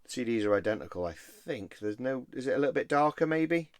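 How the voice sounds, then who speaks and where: A man's voice: medium pitch, lively intonation, brisk, no room sound. A man chatting casually about his record collection, rambling and easily enthused. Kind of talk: casual show-and-tell vlog.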